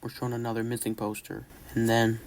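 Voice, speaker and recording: A man's voice: mid-range voice, monotone, fairly quick, gravelly, very noisy. A man giving casual, enthusiastic commentary as a gaming YouTuber walking through a horror game.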